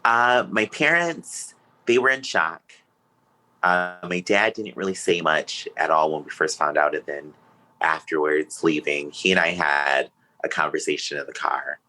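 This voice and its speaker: Podcast guest, male, low pitch, forceful tone, candid and emotional storytelling. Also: unhurried, poor audio. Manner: emotional, earnest, open.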